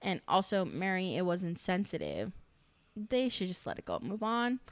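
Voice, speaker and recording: A woman's voice: on the low side, big pitch swings, moderate pace, no room sound. Chatty, sarcastic young woman. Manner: chatty, sarcastic, swears freely, laughs often. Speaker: reaction vlogger. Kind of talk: casual recap chat.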